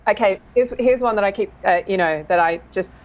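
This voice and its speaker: A woman dialect coach in a casual interview, talking thoughtfully and often pausing to search for words. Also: mid-range voice, highs cut off, a little hiss or hum.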